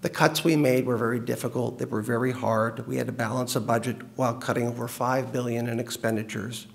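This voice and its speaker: A man's voice: medium pitch, steady tone, brisk, vocal fry. A man giving a thankful public speech at a podium while losing his voice, with many fillers. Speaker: state senator giving a speech.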